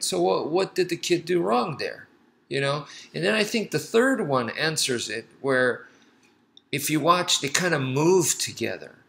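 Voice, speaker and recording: A man's voice: mid-range voice, pushed and bright, rough recording. A man who teaches martial arts, talking casually and thoughtfully, telling a story and acting out quoted lines as he explains.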